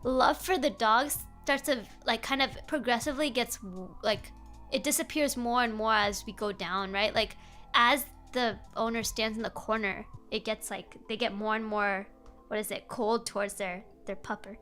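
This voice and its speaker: A woman streamer reading horror stories aloud and chatting with her viewers in an excitable, talkative way. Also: on the high side, moderate pace, faint music behind. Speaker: streamer host. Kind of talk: live read-along of horror stories with chat reactions.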